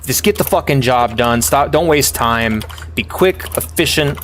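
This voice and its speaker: A male streamer giving live commentary on a game, venting loudly with a stream of profanity. His voice sits in an ordinary middle register, and he trips over his words in repeated restarts as his frustration builds. Faint background noise sits under the voice. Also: medium pitch, expressive, measured pace. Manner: exasperated profane ranting with frequent stammered restarts.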